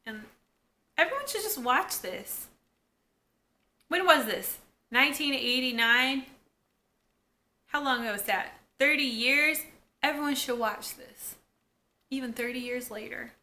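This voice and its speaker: Bright-voiced chatty woman vlogger. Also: high voice, measured pace, long pauses. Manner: chatty, filler-heavy, excited asides. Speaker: YouTube episode reviewer. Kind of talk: casual recap vlog.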